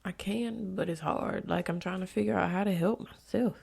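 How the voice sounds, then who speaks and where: A young adult woman hosting her own podcast, talking candidly and bluntly about her life, with frequent profanity and stretches where she drops to a soft whisper. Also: mid-range voice, normal speed, vocal fry, breathy edge. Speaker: podcast host. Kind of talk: candid confessional monologue.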